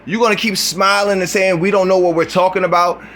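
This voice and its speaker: A man's voice: high voice, fairly even intonation, fairly quick, a bit bright, slight background noise. A man recording a reaction video, ranting in a heated, profane way. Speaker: YouTuber.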